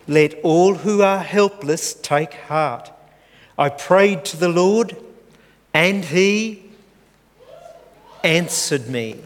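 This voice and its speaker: Older male preacher, slow and earnest, slightly high voice, long church hall reverb. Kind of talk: sermon.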